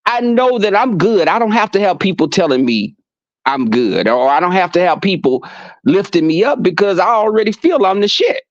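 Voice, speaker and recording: A man guesting on a livestream chat, telling animated stories, laughing often and acting out quotes. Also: high voice, normal speed, no echo. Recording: dull lo-fi sound.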